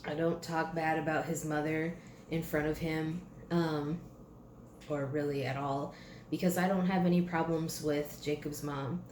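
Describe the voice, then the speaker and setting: Young female vlogger, low-voiced, teary, halting, echoey room with faint hiss. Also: little pitch movement, a little mellow. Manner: halting, many fillers and pauses. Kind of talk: emotional personal vlog.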